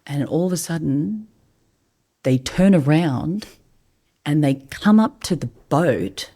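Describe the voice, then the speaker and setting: A woman with a strikingly deep, low voice recalls an experience for a podcast in a soft, unhurried way. Her delivery stays hushed and often drifts into breathiness. She sounds middle-aged and reflective. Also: animated, breathy edge. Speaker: podcast guest, vocalist. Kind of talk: reflective storytelling.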